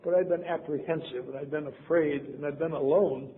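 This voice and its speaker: A man's voice: on the high side, steady tone, fairly quick. A man in his seventies from Wisconsin, giving a convention talk in a wry, self-mocking storytelling manner. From Wisconsin, USA. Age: 70s. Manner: wry, self-mocking, acts out quoted voices. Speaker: convention speaker. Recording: lo-fi tape, phone-like, faint hiss.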